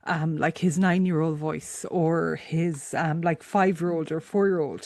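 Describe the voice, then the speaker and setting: A middle-aged woman, hosting a podcast and telling a personal story in a halting, emotional way, often tearful. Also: deep voice, fairly even intonation, a little mellow, no echo, studio quality. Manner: emotional, halting, with many restarts. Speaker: podcast host.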